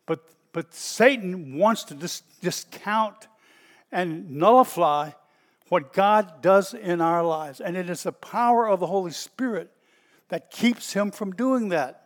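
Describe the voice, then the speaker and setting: A man's voice: sits high, takes it slowly. A man preaching a sermon, reading scripture aloud and commenting on it with emphatic repetition. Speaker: pastor.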